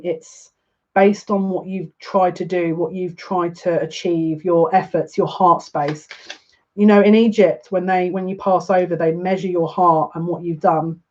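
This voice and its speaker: A woman's voice: lowish voice, darkish tone, highs cut off, a little hiss or hum. A woman giving a live-stream tarot reading, chatty and emotional, talking back to viewer comments. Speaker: psychic reader.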